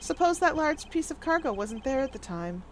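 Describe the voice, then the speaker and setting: A woman voicing a cool, formal male prosecutor who lays out his reasoning in a measured, precise way. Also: sits high, sing-song, a little hiss or hum. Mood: calm, deductive.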